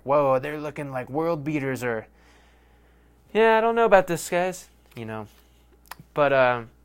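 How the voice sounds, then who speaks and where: A man's voice: medium pitch, smooth. A young man hosting a sports podcast, rambling in a casual, profane and self-mocking way. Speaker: podcast host.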